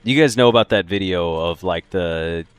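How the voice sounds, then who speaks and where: Low-voiced joking gaming streamer man. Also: moderate pace, smooth. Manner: joking, laughs often, reacts to chat. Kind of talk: casual let's-play commentary.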